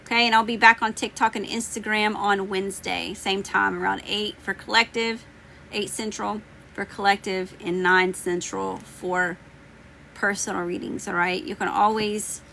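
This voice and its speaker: A woman's voice: mid-range voice, steady tone, moderate pace, gravelly, bright, forceful tone, a little hiss or hum. A woman tarot reader chatting casually with viewers on a live stream, teasing, laughing and slangy, with her voice a bit worn as she loses it. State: losing her voice. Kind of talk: casual livestream chat answering viewers.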